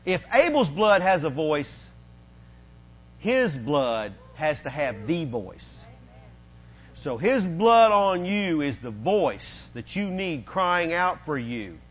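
A man preaches in a high voice, animated and conversational, slipping into quick asides to his congregation. The recording is dull and lo-fi. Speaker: pastor. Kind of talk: sermon.

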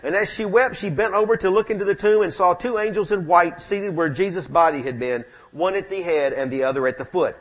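Fervent husky-voiced man preaching. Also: high voice, fairly quick, hardly any pauses. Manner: fervent preaching that rises and drops sharply. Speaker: pastor. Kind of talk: sermon. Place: church sanctuary with amplified mic.

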